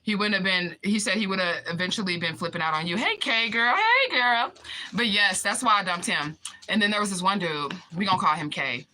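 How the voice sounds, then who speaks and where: A woman hosting a live stream who tells dating stories in a casual, profane and animated way and talks to her chat. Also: on the low side, fast. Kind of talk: casual storytelling vlog.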